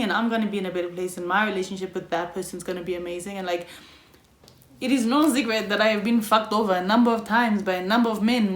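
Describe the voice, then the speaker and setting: A young South African woman with a South African accent, talking frankly in a personal vlog, swearing freely and laughing often. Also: mid-range voice. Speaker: YouTuber. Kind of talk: candid personal vlog monologue. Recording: roomy echo.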